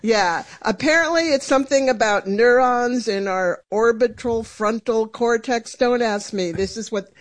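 A woman's voice: fairly high pitch, unhurried, hardly any pauses. A woman chef on a radio segment, talking through recipes with easy enthusiasm. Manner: enthusiastic, laughs easily. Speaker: resident chef.

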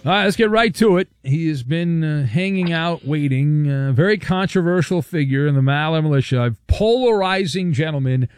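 A man with a fairly high voice hosts a radio show with brisk, jokey energy and reads out listener messages. Faint music plays under his talk. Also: smooth, no room sound, clean studio sound. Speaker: sports radio host.

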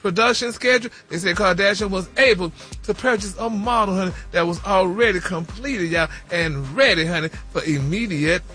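A man's voice: sits high, normal speed, bright, forceful tone, faint music behind. A man reporting celebrity news on a morning radio show in a sassy, gossipy way, calling listeners honey and y'all. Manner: sassy, peppers every phrase with "honey" and "y'all".

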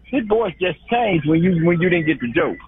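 A man calls in from a grocery store, talking in a folksy, laid-back way. His voice is fairly high. It comes through a thin, tinny phone line. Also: expressive, normal speed, a little hiss or hum. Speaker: caller.

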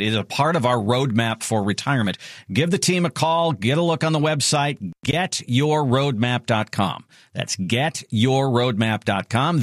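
Animated male financial radio host. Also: mid-range voice, no echo, studio quality. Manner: animated, punchy, leaning hard on repeated slogans. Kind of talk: radio show talk with promotional plugs.

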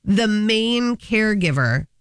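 A woman's voice: mid-range voice, expressive, slow pace, clean tone, no room sound. Chatty laughing woman, dry sound. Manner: chatty storyteller, laughs often. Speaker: co-host. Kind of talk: casual chat.

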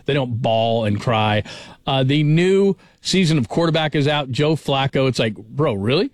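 A man hosting a sports radio show, excitable and full of big praise. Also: medium pitch, normal speed, dry recording.

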